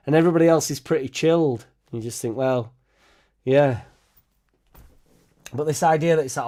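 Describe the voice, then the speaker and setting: A blunt, sweary man, ranting casually to camera. His pitch sits in a middling range, and he keeps slipping into mocking impressions of other people. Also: moderate pace, darkish tone. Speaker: football fan channel host.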